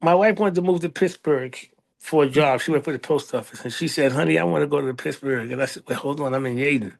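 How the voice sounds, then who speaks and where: A middle-aged American man telling a story in a casual interview, animated, acting out other people in a raised voice. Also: fairly high pitch, quick pace, vocal fry. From United States. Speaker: librarian, interview guest.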